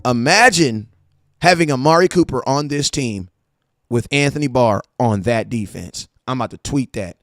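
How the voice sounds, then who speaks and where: A man hosting a casual sports fan show, talking in an animated, slangy way with stories and asides. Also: medium pitch, moderate pace, no room sound, clean studio sound. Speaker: sports podcast host.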